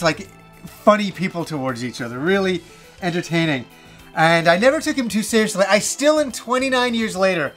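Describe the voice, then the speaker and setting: A man in his forties telling a story to camera as a vlogger, animated and laughing, swearing freely. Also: sits high.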